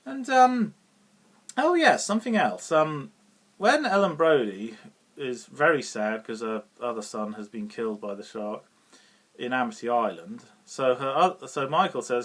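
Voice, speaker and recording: A British man reviews a film off the cuff, chuckling often, rambling, and filling pauses with "um" as he restarts sentences. His pitch rises and falls in a lively way, with a breathy edge to his voice.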